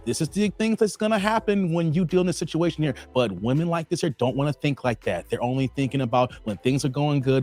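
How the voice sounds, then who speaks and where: A man's voice: mid-range voice, a little mellow. A man hosting a reaction video, commenting in an emphatic, lecturing way over faint music. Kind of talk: casual commentary.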